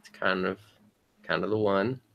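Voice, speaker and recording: A man's voice: low voice, moderate pace, vocal fry, lo-fi sound. A man voicing a polite, bumbling adventurer who talks hesitantly and apologetically.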